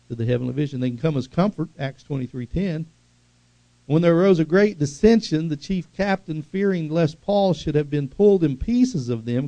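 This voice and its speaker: A middle-aged male pastor preaching an animated sermon, swinging from loud calls to hushed asides. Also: on the high side, creaky, dry recording. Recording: dull lo-fi sound.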